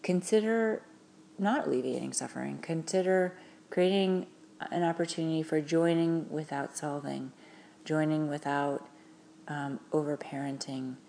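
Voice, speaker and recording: Low, gravelly woman giving gentle parenting advice. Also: unhurried, a little hiss or hum. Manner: gentle, earnest, with frequent fillers and restarts. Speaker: parenting advisor.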